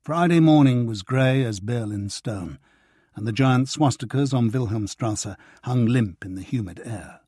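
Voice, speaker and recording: A man reading a thriller audiobook as narrator, in a measured, even storytelling manner. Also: medium pitch, slightly rough, dry recording, studio quality.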